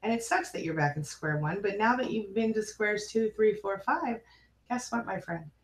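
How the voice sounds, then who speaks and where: A woman hosting a live coaching stream, chatting with viewers and reading their comments aloud in a warm, familiar way. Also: medium pitch, moderate pace. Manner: warm, chatty, calls viewers girl and honey. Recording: echoey room.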